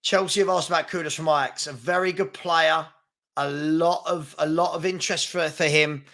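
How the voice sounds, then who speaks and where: A man's voice: a little high, steady tone, moderate pace, bright, forceful tone. A man hosting a live football fan stream, chatting loosely and reading out viewer comments, with plenty of fillers and restarts. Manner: rambling, with fillers and repeated words. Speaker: fan channel host.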